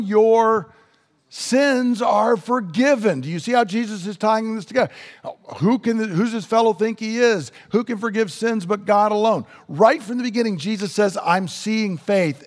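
Male preacher, earnest and emphatic, fairly high voice, lingering reverb of a hall. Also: darkish tone. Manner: earnest, emphatic, slows down to stress key words. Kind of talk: sermon.

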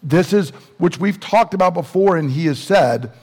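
Guy preaching, earnest, slows way down to hit points, echoey hall. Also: high voice, lively intonation, darkish tone, breathy edge. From American South. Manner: earnest, rising questions and slow emphatic drops. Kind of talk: sermon. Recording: long hall reverb.

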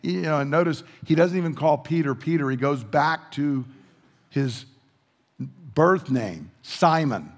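A male pastor preaching a sermon, animated, acting out quotes and asking rhetorical questions in a church sanctuary. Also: a little high, a little slow. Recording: long reverb of a large hall.

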